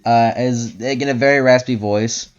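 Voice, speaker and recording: A man narrating as game master in a tabletop game, talking haltingly with many fillers and restarts. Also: medium pitch, steady tone, clean tone. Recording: dull lo-fi audio with faint music.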